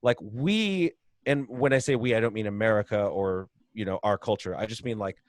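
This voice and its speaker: A man's voice: lowish voice, normal speed, dry recording. A man, a brewery co-founder and podcast guest, explaining at length in a chatty way and laughing often, heard over a video call. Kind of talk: casual podcast interview.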